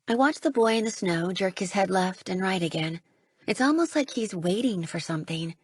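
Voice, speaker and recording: A woman reading a first-person audiobook, with a slightly husky, gravelly voice that rises for dialogue. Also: mid-range voice, animated, normal speed, no room sound. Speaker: audiobook narrator.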